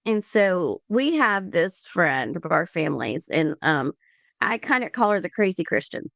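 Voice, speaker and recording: A woman from Georgia telling her story as a podcast guest, earnest and halting with many restarts. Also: lowish voice, big pitch swings, creaky, fairly bright tone, dry recording, studio quality. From Columbus, Georgia, US. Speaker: podcast guest, liver transplant recipient. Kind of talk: candid conversational storytelling.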